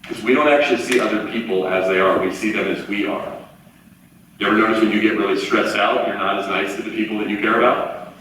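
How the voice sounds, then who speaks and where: A man in his forties giving a live motivational talk, telling stories in an animated way and acting out the voices of the people he quotes. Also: lowish voice, quick pace, noisy background. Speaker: motivational speaker. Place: large auditorium. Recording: echoey hall from far off, faint ambience.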